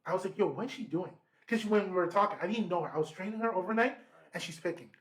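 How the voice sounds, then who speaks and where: A man's voice: high voice, fast talker, a bit bright. A man co-hosting a podcast, telling a story in loose slangy chat. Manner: slangy, loose, says "bro" a lot. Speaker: podcast co-host.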